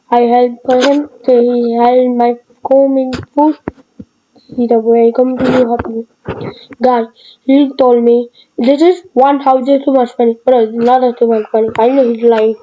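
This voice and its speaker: A woman giving casual, rambling gameplay commentary in short excited bursts. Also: fairly high pitch, lo-fi sound, slight background noise. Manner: excitable, rambling, broken phrasing. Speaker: gaming video creator.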